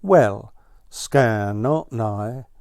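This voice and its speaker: A man's voice: mid-range voice, extremely slow, warm tone, clean tone, no room sound, clean studio sound. A man voicing a fussy, easily exasperated ground squirrel in a storybook, correcting and emphatic. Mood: friendly.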